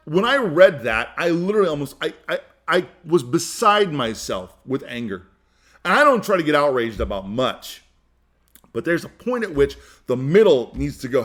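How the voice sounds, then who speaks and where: A podcast host speaks in a raised, fairly high voice that stays high throughout. He argues hard and emphatically, repeating phrases and restarting sentences as he presses each point. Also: very animated, moderate pace, a bit bright. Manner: emphatic, heated, repeats himself. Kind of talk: opinion monologue.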